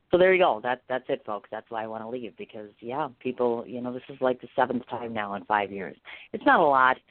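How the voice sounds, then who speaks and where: A woman radio host talking in a casual interview chat, rambling and self-deprecating with lots of restarts. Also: a bass voice. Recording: tinny phone line, dry.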